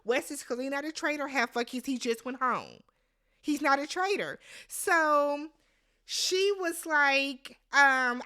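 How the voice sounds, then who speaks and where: High bright woman, animated, blunt, swears a lot, recapping a show. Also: measured pace. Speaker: recap host. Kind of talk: casual TV recap commentary.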